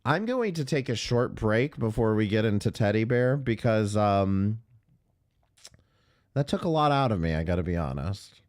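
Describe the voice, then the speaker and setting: Hosting his livestream, this man is furious and blunt, cursing constantly and tripping over restarts as his anger builds. He speaks at a normal speed in a fairly low, slightly mellow voice with big swings in pitch.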